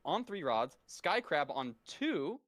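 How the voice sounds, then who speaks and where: A man commentating on a match, calmly explaining strategy and routes. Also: fairly high pitch, takes it slowly, no echo, clean studio sound. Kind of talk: analytical commentary.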